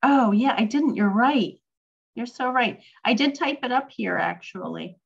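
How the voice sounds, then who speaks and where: A woman's voice: on the high side, normal speed, creaky, lo-fi sound. A woman teaching a casual online language lesson, chatty and full of ums, reading and answering questions from a chat. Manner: chatty, reads chat aloud, frequent ums. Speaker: Hebrew teacher.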